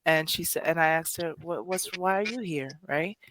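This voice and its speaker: A woman's voice: deep voice, normal speed, a bit bright, a little hiss or hum. A woman hosting a poetry podcast, speaking emotionally in casual chat, rambling with many restarts and self-corrections. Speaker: poetry show host.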